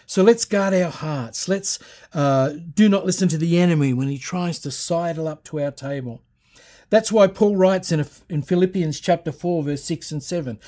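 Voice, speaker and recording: A man's voice: fairly high pitch, moderate pace, mellow. A middle-aged man preaching a sermon as pastor, reading scripture aloud and building emphasis with repeated phrases.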